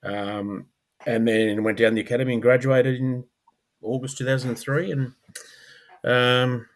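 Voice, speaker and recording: A middle-aged Australian man, a former police officer, talking casually as a podcast guest, rambling with fillers and clearing his throat. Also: medium pitch, flat delivery, measured pace. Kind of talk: casual conversational storytelling.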